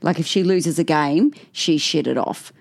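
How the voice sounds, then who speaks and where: A woman's voice: sits low, a little slow, creaky, a little mellow. A woman co-hosting a casual chat, blunt, crude and jokey. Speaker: podcast co-host.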